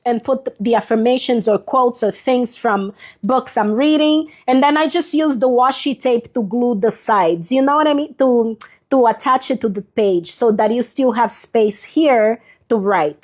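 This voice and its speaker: A woman hosting a live journaling stream, chatting casually as she shows her pages and answers viewers by name, a little sniffly. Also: sits high. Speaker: journaling livestream host. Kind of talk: casual live craft demonstration.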